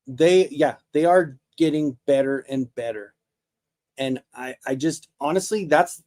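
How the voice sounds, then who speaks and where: On a casual live toy stream, a man in his forties talks with a mid-range, darkish voice. He's laid-back and jokey, rambling loosely and often going back to restart what he was saying.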